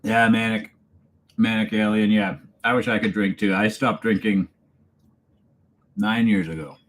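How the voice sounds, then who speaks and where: Canadian guy, slightly low voice, easygoing livestream host working through chat at home. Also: fairly even intonation, a little slow. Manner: laid-back, chuckling, talks to viewers by name. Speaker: channel host reading live chat. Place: home, alone for the evening.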